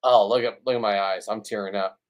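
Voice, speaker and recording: Amid heavy background noise, a man talks briskly to the camera for his casual fishing vlog. His voice is fairly low and steady, and his manner is blunt, rambling and self-mocking.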